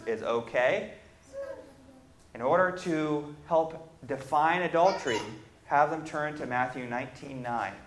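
A man preaching a Bible lesson, reading scripture aloud and then explaining it, building emphatic lists and pausing on fillers as he thinks. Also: mid-range voice, background noise. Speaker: preacher teaching on repentance. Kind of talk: Bible class sermon. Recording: echoey room.

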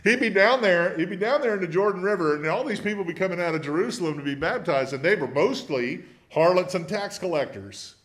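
A man's voice: high voice, expressive, brisk, few pauses, fairly bright tone. A man teaching a Bible study in a conversational way, often putting questions to his listeners. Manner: asks the group many questions.

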